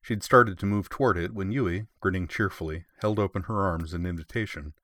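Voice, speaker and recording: A man reading a story aloud in an expressive, measured way. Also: sits low, no room sound. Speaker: story reader. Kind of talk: reading fan fiction aloud.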